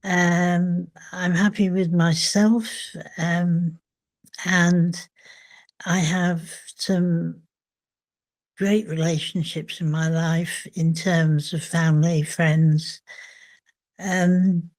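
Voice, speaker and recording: An older woman, a memoir author, speaking reflectively in an interview, thoughtful and hesitant with frequent pauses. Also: fairly low pitch, little pitch movement, darkish tone.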